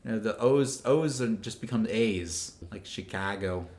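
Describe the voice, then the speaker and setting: A man's voice: fairly low pitch, a little slow, a little mellow. A man, chatting on a podcast. He rambles freely and leans on "like" and "you know" between his thoughts. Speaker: podcast guest co-host. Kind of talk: casual chat.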